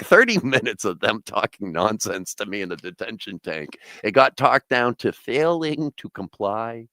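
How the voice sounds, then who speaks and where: A man's voice: sits low, no echo. A man from Massachusetts, a comedian and musician, telling rambling, profane stories on a casual podcast. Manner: rambling, profane storytelling, bursts into loud singing.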